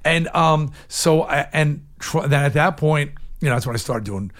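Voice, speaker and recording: An older man talking as an interview guest, his voice sitting a little higher than most men's. He tells his story in a candid, animated way, shouting some points and dropping others almost to a murmur. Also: moderate pace. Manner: animated, swings from loud emphatic outbursts to low hushed asides.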